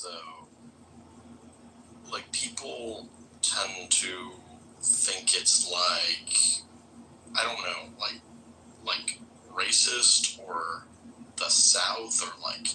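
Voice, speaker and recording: Bright-toned man chatting loosely. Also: low voice, takes it slowly, slight background noise, poor audio. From Florida. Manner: loose, profane, full of filler words. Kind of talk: casual live-stream chat.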